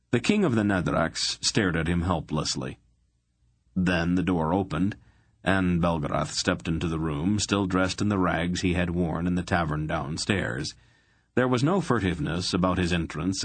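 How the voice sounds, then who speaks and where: A man narrating an audiobook with a steady, even reading. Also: deep voice, no echo, studio quality. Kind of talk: scripted narration.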